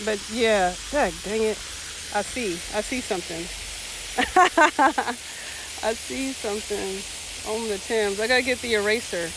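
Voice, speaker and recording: A woman's voice: on the high side, measured pace, background noise. A woman giving a casual livestream tour of a community garden, chatting and laughing with viewers in the comments, recorded outdoors on a hand-held phone. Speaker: vlogger. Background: water hose spraying.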